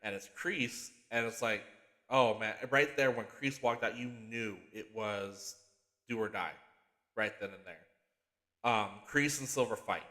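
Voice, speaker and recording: Excitable, swearing male podcast host. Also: on the low side, a little slow. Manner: excitable, profane, animated storytelling; swears often, restarts sentences. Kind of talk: casual recap of a TV series.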